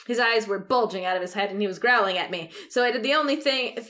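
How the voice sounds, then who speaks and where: A woman's voice: mid-range voice, fast talker, sharp tone. Giggly young woman reading aloud wryly. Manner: giggly, wry, often breaks off to comment. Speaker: podcast co-host reading fan fiction. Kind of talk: casual chat, reading aloud.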